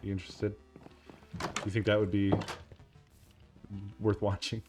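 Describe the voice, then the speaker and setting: A man's voice: on the low side, little pitch movement, measured pace, music in the background. A man streaming a game, chatting casually, laughing often, swearing and rambling. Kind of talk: casual gameplay stream chat.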